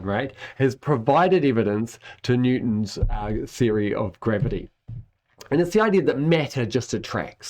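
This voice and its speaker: A man's voice: mid-range voice, a little mellow. A man giving an enthusiastic, conversational science lesson, often checking in with "right?". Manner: enthusiastic and conversational, with tag questions. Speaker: lecturer. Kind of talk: educational explainer.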